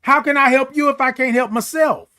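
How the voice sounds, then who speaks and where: A man's voice: extremely high pitch, steady tone, fairly quick, sharp tone. A middle-aged man hosting a morning live show, giving an emphatic, preachy pep talk that repeats key phrases and reads viewer comments.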